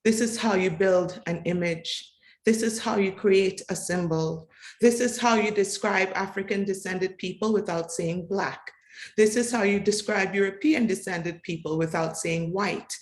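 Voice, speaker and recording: A woman reading a poem of tribute in a slow, measured, incantatory way, building on repeated refrains. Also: medium pitch. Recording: echoey room.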